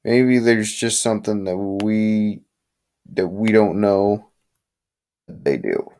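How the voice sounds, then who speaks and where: A man's voice: lowish voice, slow, darkish tone, smooth. Sleepy, rambling young man. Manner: casual, rambling, with restarts and opinionated asides. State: sleepy, yawning. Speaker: livestream host. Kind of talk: live sports chat with viewers.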